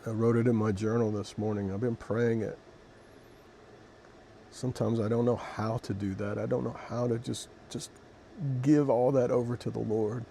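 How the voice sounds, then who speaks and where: A man reading scripture and then reflecting on it in an emotional, halting way, with many restarts. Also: mid-range voice, flat delivery, creaky, dark tone, a little hiss or hum. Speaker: Christian devotional video host.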